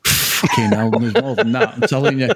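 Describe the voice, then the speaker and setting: A man's voice: medium pitch, wildly swooping pitch, normal speed, creaky, crowd noise. A man in his forties, co-hosting a casual film chat podcast, rambling with plenty of swearing. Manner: rambling, swears freely, frequent laughs. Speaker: podcast co-host.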